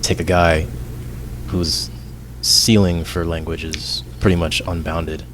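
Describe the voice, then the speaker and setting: A man co-hosting a casual TV discussion podcast, talking in a measured, analytical way with some fillers. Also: sits low, level tone, a bit bright. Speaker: podcast co-host. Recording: faint background noise.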